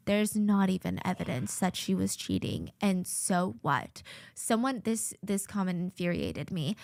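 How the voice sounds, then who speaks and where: A woman's voice: medium pitch, expressive, measured pace, gravelly, few pauses, darkish tone, dry recording, clean studio sound. A woman hosting a true-crime commentary, retelling a court hearing in an indignant, conversational way. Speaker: host.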